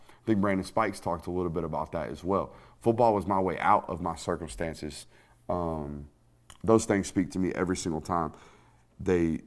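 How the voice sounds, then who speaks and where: A man hosting a sports podcast, telling stories in an animated, profane, casual way. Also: on the low side.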